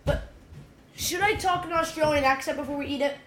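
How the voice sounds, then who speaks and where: A woman's voice: high-pitched, fairly quick, slight background noise. A young woman co-hosting a podcast in casual chat, giggly, chatty and easily grossed out. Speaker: podcast co-host.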